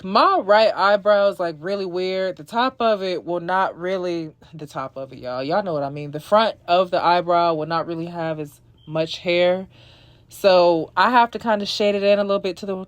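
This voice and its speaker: A woman's voice: on the low side, normal speed, no echo. A young woman talking viewers through a makeup tutorial in a sassy, chatty voice-over. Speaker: beauty vlogger.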